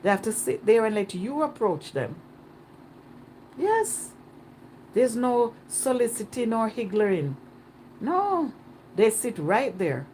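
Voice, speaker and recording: A woman chatting casually in a travel vlog, animated and repeating herself for emphasis, recorded on a phone outdoors. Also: fairly high pitch, takes it slowly, long pauses, a little hiss or hum. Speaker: travel vlogger. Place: outdoors on a Caribbean island.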